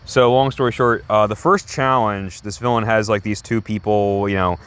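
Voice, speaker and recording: A man's voice: on the low side, steady tone, normal speed, a bit bright, smooth. Rambling, enthusiastic male comic reviewer. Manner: rambling and enthusiastic, full of "like" and restarts. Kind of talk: casual review vlog.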